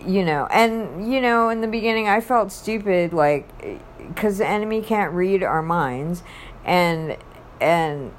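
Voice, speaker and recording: A woman in casual faith talk, rambling and halting as she restarts her thoughts mid-sentence, speaking as a Christian ministry worker. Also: medium pitch, a little hiss or hum.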